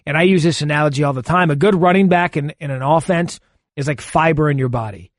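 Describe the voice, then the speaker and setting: A man's voice: on the high side, fast, no echo. A man co-hosting a sports radio show, arguing his points at length with analogies, speaking into a studio microphone. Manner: argumentative, builds long points with analogies. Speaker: fill-in sports radio co-host.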